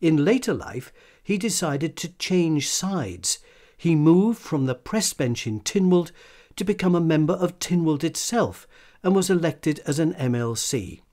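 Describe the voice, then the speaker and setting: A male radio presenter reading a scripted, fond tribute in a measured, even delivery. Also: a little high.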